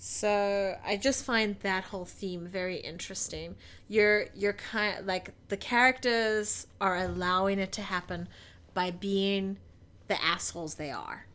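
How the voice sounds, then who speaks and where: A woman's voice: mid-range voice, a little slow, a bit bright. A woman co-hosting a movie podcast, speaking frankly and conversationally. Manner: conversational, frank, laughs easily. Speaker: podcast co-host. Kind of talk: casual movie review chat.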